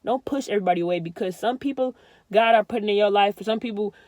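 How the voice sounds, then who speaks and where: A woman's voice: mid-range voice, fast talker, a little mellow, no room sound. A young woman vlogging candid advice in a blunt, emphatic, heartfelt way, swearing freely and using lots of slang.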